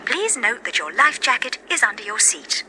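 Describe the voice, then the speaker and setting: A woman's voice: fairly high pitch, big pitch swings, normal speed. A woman playing a chief stewardess in a comedy sketch, giving a mock safety announcement in a prim, formal manner. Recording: noisy old album recording with audience laughter.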